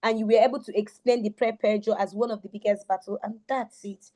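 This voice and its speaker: A woman teens coach giving a warm, effusive spoken review of a book, repeating phrases for emphasis. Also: medium pitch, steady tone, brisk.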